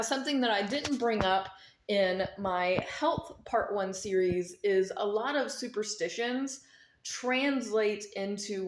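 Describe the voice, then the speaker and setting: A woman talking straight to camera, explaining things emphatically and repeating her key points, with a mint in her mouth. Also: mid-range voice. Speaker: vlogger explaining dream omens. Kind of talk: casual instructional monologue. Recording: echoey room.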